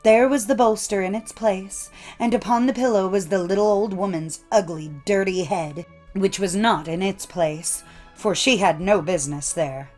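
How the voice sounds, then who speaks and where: A woman reading old folk tales aloud in a measured storytelling cadence. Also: mid-range voice, a little mellow, soft background music. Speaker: narrator. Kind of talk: scripted storybook narration.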